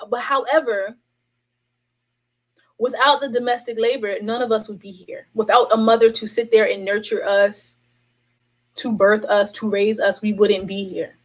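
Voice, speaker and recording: A woman's voice: medium pitch, normal speed, low-quality recording. A young woman, talking to camera in a casual vlog and hammering her points home with repetition. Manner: animated, emphatic, repeats points to drive them home. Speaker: vlogger.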